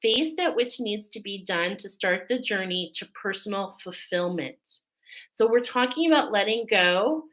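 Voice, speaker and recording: A woman's voice: medium pitch, animated, measured pace, a bit bright, poor audio. A middle-aged woman giving a spiritual oracle reading in a chatty, emotional way, often checking in with "okay?". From Irish Catholic family. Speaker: oracle card reader. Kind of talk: spiritual card reading, live.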